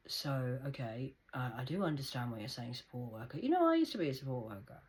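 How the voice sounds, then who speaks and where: A woman's voice: extremely low pitch, very animated, fairly quick, rough recording. A woman ranting sarcastically to her viewers in a heated, repetitive monologue. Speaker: vlogger.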